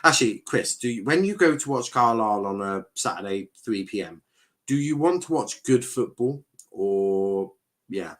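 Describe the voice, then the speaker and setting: A young man with a fairly low voice chats casually on a live stream, reading out comments as he goes. He rambles, trips over his words and drops the odd swear. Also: lively intonation, moderate pace, fairly bright tone. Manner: chatty, rambling, swears, stumbles and repeats himself. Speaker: watchalong streamer host.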